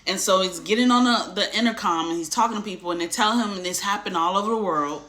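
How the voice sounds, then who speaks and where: Chatty woman host recapping a novel; bright tone, roomy echo, lively quoted voices. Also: medium pitch, fast talker. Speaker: book discussion host. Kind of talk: casual book recap.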